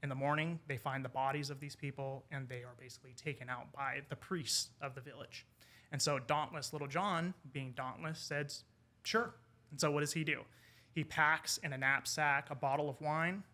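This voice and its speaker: A man, an English professor, telling a folk tale in casual conversation over wine, animated and quoting the characters. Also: medium pitch, normal speed. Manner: animated retelling with quoted character lines. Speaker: podcast guest, English professor.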